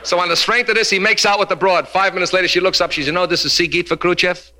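A man's voice: high-pitched, fairly even intonation, fast talker, sharp tone. Brash man doing stand-up jokes. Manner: brash, teasing audience banter with Yiddish punchlines. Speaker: stand-up comedian. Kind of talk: nightclub stand-up routine. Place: live club before an audience.

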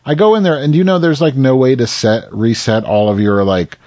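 A man's voice: mid-range voice, brisk, mellow, no room sound. A man co-hosting a casual podcast chat, rambling and profane, peppering his talk with "like". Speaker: podcast co-host.

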